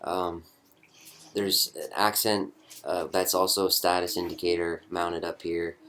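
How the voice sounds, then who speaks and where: A man's voice: low voice, level tone, measured pace, sharp tone. A young man giving a rambling, chatty show-and-tell walkthrough of something he built, often correcting himself mid-sentence. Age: young adult. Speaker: hobbyist prop builder.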